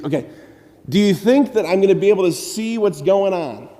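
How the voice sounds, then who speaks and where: A man, a Catholic priest, preaching a lively homily, animated and questioning the congregation. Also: high-pitched, a little fast. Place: church. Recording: long church reverb.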